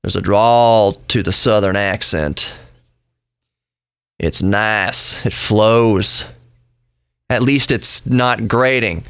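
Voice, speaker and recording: A man's voice: fairly low pitch, drawn-out words, long pauses, fairly bright tone, clean tone, no echo. A man hosting a podcast, talking through his opinions in a rambling, chatty monologue full of asides. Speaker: podcast host.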